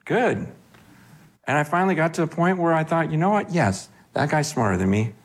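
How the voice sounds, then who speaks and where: A man preaching a sermon in a conversational, animated way, acting out quoted voices. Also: on the high side, brisk, husky.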